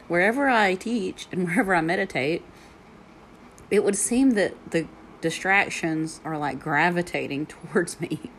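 Her low voice carries a little hiss or hum as this yoga and meditation teacher rambles through stories on her solo home podcast, laughing often. A heater rattles in the background.

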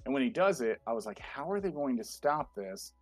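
Excitable fanboy man chatting. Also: medium pitch, a little fast, dry recording, faint music behind. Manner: excitable fanboy, many fillers. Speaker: podcast co-host. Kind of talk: casual chat reviewing a show.

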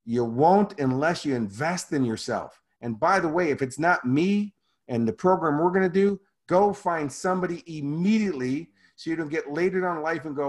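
A man's voice: a little high, normal speed. Emphatic motivational man telling his story. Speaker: guest. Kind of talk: conversational storytelling.

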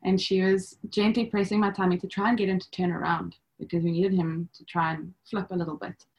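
A woman's voice: on the low side, level tone, brisk, a little mellow. A young woman telling her own story as a podcast guest, chatty, with many fillers and bits of quoted dialogue. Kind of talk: personal storytelling.

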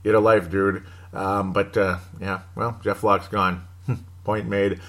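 A man's voice: fairly low pitch, level tone, takes it slowly, fairly bright tone. A man hosting a casual sports podcast on his own, rambling and joking and cutting himself off with little laughs. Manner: rambling, jokey, self-interrupting with laughs. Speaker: podcast host.

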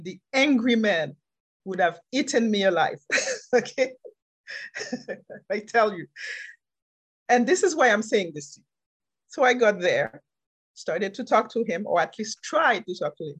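A woman telling a personal story on a podcast, animated and laughing often, repeating key phrases for emphasis. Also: mid-range voice, a little slow, husky. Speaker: podcast speaker and life coach.

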